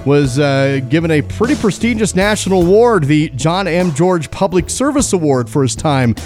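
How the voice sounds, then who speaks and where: A male morning radio host speaks with a somewhat high voice, introducing his guest in an upbeat tone. Faint music plays behind him in the studio. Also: lively intonation, moderate pace, a little mellow. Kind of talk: live radio interview.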